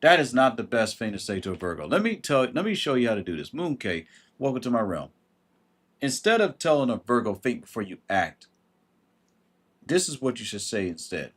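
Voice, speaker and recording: A man with a husky, slightly rough voice at an ordinary middle pitch, talking straight to his livestream audience. He is blunt and emphatic, and he does not hold back from swearing. His delivery stays casual and direct. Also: big pitch swings, quick pace, few pauses, fairly bright tone. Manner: blunt and emphatic, swears, greets viewers by name. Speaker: livestream host giving astrology advice. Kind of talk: casual livestream advice talk.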